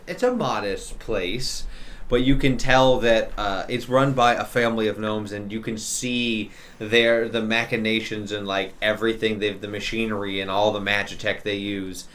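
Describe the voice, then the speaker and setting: Guy dming a tabletop game, rambly and loose, middle pitch. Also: fairly bright tone. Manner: loose, rambling, many restarts. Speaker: dungeon master.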